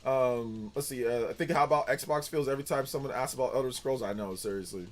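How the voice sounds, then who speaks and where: A young man hosting a casual livestream, chatting loosely and reading viewer comments aloud in a rambling, animated way. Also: medium pitch, fast. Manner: rambling and animated, with filler words and restarts. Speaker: streamer host.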